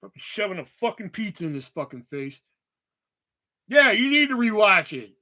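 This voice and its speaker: A man's voice: sits high, very animated, moderate pace, bright, forceful tone. A man hosting a livestream, chatting casually about movies in a rambling, sarcastic way full of swearing. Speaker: livestream host.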